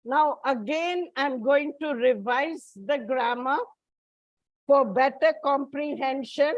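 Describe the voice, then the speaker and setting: A woman's voice: sits high, slow pace, no room sound, highs cut off. A woman teacher, giving a classroom lecture and explaining step by step. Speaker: English teacher.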